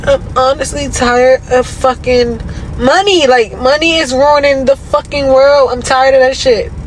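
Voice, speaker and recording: A man's voice: very high voice, steady tone, a little slow, slight background noise, rough recording. A man ranting to camera from a car, impassioned and repetitive, swearing often. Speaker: social media commentator. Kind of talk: emotional rant to camera.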